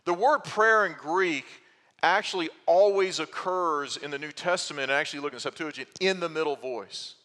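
Long hall reverb surrounds a pastor's bright, somewhat high voice as he delivers an expository sermon at a moderate pace. He works his way through a passage from the pulpit, asking rhetorical questions and making small restarts.

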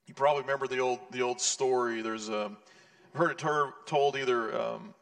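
Gravelly-voiced pastor preaching in a reverberant hall. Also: male voice, medium pitch, fairly even intonation, a little fast, a bit bright. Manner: earnest, conversational preaching with asides. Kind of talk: sermon.

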